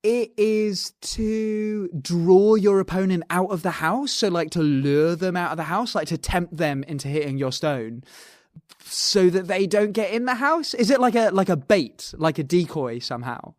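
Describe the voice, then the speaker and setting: High-voiced man in jokey chat. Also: expressive, measured pace, dry recording, studio quality. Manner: jokey, slips into silly put-on voices. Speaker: podcast co-host. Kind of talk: casual comedic chat.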